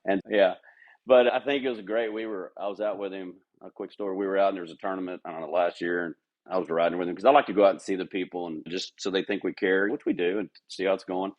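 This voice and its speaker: A man's voice: low voice, fairly even intonation, quick pace, dull audio. A middle-aged man talking candidly as a podcast guest, telling workplace stories and mimicking other people's voices. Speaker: golf club manager, podcast guest. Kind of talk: casual interview chat.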